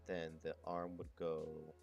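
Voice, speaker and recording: A man's voice: very deep voice, completely flat delivery, slow, a little mellow, soft background music. A man chatting casually to his stream as he draws, rambling, muttering and swearing. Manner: rambling, muttering to himself, crude slang. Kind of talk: casual chat while drawing.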